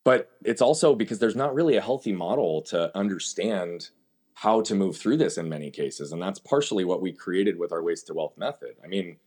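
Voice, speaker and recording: A man's voice: deep voice, lively intonation, fairly quick, a little mellow. A man as an interview guest, telling his story candidly and emphatically and asking himself rhetorical questions. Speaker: podcast guest.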